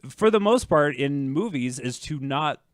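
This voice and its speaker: A man co-hosting a movie review show in casual chat, animated, with quick asides and halting restarts. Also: a little high, no echo, clean studio sound.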